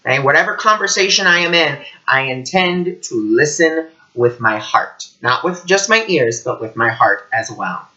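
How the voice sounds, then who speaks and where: A man giving a casual teaching vlog as an intuitive teacher, telling stories in an animated way. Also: on the high side, moderate pace, muffled recording. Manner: animated storytelling.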